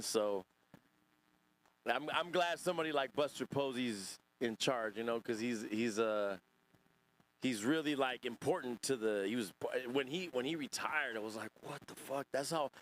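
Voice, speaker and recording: A man's voice: medium pitch, fairly bright tone. Profane man hosting a livestream. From Northern California. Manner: profane, rambling, talks to chat. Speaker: podcast host. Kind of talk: casual livestream chat reacting to chat.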